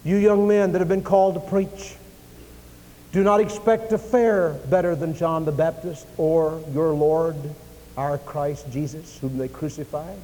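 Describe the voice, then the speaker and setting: A male preacher delivers a dramatic sermon in a church, acting out dialogue and swinging between loud declarations and hushed asides. His voice sits high for a man. A long reverb from the large sanctuary trails each line. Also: steady tone, a little slow.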